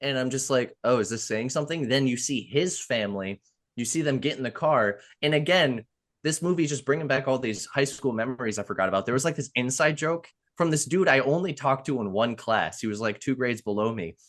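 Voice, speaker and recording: A man co-hosting a podcast, talking casually about a film in an animated, profane way and acting out what people said. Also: mid-range voice, fairly quick. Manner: animated, profane storytelling with acted-out quotes. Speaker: podcast co-host.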